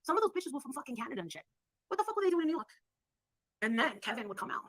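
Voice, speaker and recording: Fast, bright-voiced woman telling stories. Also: high-pitched, no echo, low-quality recording. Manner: profane, excitable, acts out others' lines. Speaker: storyteller recounting past events. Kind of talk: animated casual storytelling.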